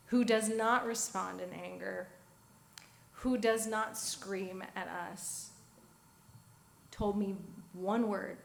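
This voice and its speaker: A woman at a youth convention giving an earnest personal testimony that turns soft and quiet at its key points. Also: mid-range voice, vocal fry. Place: large convention hall. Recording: echoey hall.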